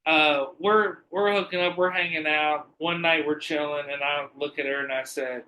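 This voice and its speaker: Bright-voiced, animated podcast host. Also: male voice, on the high side, moderate pace, a little hiss or hum. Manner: animated, profane storytelling. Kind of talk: casual chat.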